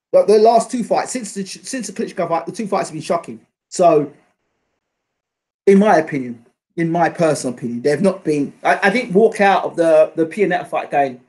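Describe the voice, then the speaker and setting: A man hosting a boxing channel, giving his casual, opinionated reaction commentary with lots of fillers and restarts. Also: high voice.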